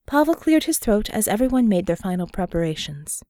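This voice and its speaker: A woman narrating an audiobook in a wry, even storytelling manner. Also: mid-range voice, a little fast, no room sound, studio quality. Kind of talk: scripted narration.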